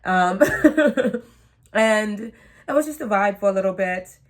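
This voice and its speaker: A woman's voice: mid-range voice, animated, slow. A woman in her twenties chatting casually to the camera, rambling and joking at her own expense. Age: 20s. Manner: chatty, self-mocking, trails off into asides. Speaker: vlogger.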